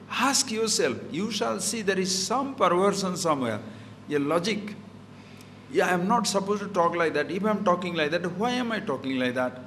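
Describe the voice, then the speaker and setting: A man's voice: sits high, fairly bright tone, slight background noise. A man giving a scripture talk, explaining Sanskrit verses with everyday examples and rhetorical questions. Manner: mixes Sanskrit verses into English. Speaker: spiritual teacher.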